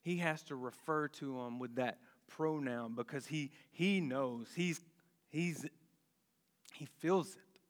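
A man preaching a sermon, deliberate and emphatic, with dramatic pauses and rhetorical questions. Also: fairly high pitch. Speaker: pastor. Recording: long hall reverb.

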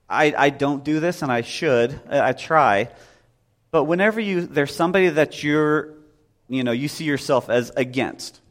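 A man in his thirties preaching a casual sermon in a conversational way, often acting out voices from the story. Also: medium pitch.

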